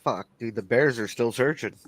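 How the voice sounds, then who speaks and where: A man's voice: medium pitch, normal speed, a bit bright, dry recording. A man in middle age chatting casually on a live sports show, telling jokey stories with plenty of swearing. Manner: profane, jokey storyteller. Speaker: guest co-host. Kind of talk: casual chat.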